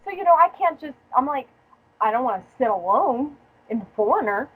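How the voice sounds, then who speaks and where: A young woman chatting casually as a podcast host, her voice pitched a little high. She tells her story in a profane, joking way and breaks into laughter often. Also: big pitch swings, a little fast, a bit bright, breathy edge, low-quality recording. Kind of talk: casual chat.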